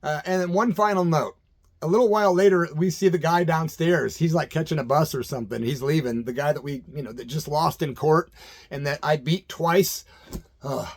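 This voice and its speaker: A middle-aged man from Illinois spins a story from his past, easygoing and chatty. His voice sits a little on the high side, and he chuckles often and slips into other people's voices when he quotes them. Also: moderate pace. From Illinois, USA. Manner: laid-back, laughs often, acts out voices in quotes. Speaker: vlogger telling a personal story. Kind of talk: casual storytelling monologue.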